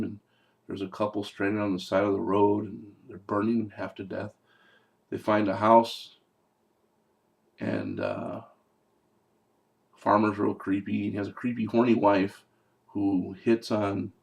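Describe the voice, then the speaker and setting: A man's voice: fairly low pitch, measured pace, creaky, pauses often. A man reviewing a movie in casual talk, sarcastic and profane, with rambling asides.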